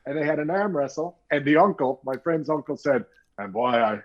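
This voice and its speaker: Middle-aged interview guest from Canada, husky, spins anecdotes with acted-out quotes. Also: male voice, a little high, fairly quick, lo-fi sound. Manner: animated anecdotes with quoted voices. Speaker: guest author. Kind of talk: storytelling interview talk.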